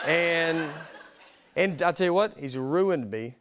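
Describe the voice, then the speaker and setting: A man in his forties with a Southern American accent, telling rambling self-deprecating comedy stories in a deadpan way, as a guest on a TV talk show. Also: fairly high pitch, slow, pauses often. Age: 40s. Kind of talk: deadpan storytelling chat. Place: TV studio with audience. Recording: TV studio with audience noise. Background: audience noise.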